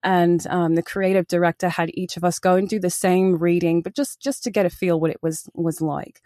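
A woman's voice: lowish voice, brisk, no room sound. Chatty British woman, dry close sound. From Britain. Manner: chatty and animated, laughs often. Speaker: voice actor and audiobook narrator. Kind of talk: casual interview chat.

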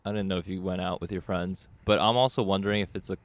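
Low-voiced young man, chatty and dry. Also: fairly even intonation, fast, dry recording. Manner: chatty, laughing, self-correcting. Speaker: podcast host. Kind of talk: casual chat.

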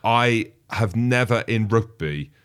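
A man with a very low, deep voice, chatting casually on a rugby podcast. He tells stories with animation and slips into the voices of the people he quotes. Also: takes it slowly, clean tone. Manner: animated storyteller who acts out quotes. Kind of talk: casual sports chat.

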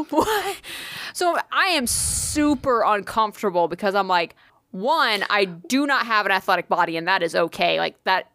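A young woman co-hosting a casual chat, telling an animated story full of swearing and "like". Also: mid-range voice, normal speed, no room sound. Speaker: podcast co-host.

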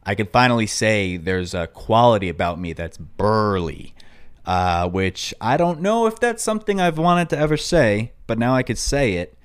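A young man in his twenties with a New York accent, hosting a podcast in rambling, filler-heavy casual chat that breaks into loud excited outbursts. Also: fairly low pitch, moderate pace, smooth. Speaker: podcast host.

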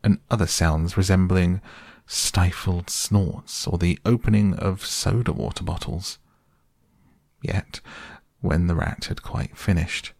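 A man narrating a bedtime storybook in a calm, gentle, soft reading voice. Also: low-pitched, vocal fry, husky, no room sound, clean studio sound. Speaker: audiobook narrator.

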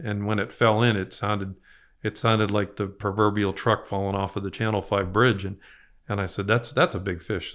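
A man's voice: fairly low pitch, a bit bright. An older man telling rambling fishing stories in a casual interview, repeating his words as he goes. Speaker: fishing guide guest.

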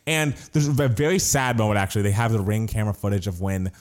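A man's voice: lowish voice, animated, fast talker. A man animatedly telling a story as he recaps a reality TV episode in casual chat, swearing now and then.

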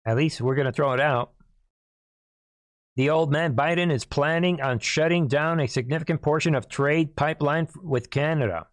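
A hoarse man hosting a political commentary monologue, emphatic, repeatedly clearing his throat and calling out to listeners as "people". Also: fairly high pitch, moderate pace, no echo. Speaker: host.

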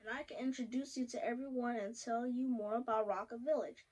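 A woman's voice: a little high, steady tone, fairly quick, close to an everyday voice, poor audio. A woman voicing a kind, motherly female butterfly in a children's storybook, soothing and affectionate. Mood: gentle. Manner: warm, soothing, calls people child and sweetheart.

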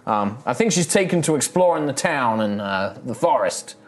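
A man's voice: mid-range voice, expressive, normal speed, close to an everyday voice. A man voicing a humble old male dwarf in a tabletop game, speaking in a put-on Texan drawl with hesitant restarts.

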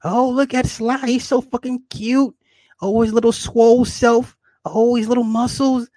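A man putting on a high falsetto as a swooning woman who gushes over a muscular man. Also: flat delivery, measured pace, mellow, dry recording. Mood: gushing. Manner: gushing, sing-song falsetto.

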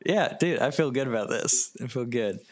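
A man co-hosting a podcast, retelling a story plot in casual chat. He is animated and laughs often. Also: mid-range voice, normal speed. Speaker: podcast co-host. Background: music.

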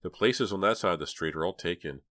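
A man voicing a nervous, excitable teenage girl who speaks in an anxious, wailing way. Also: low voice, fast. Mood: worried.

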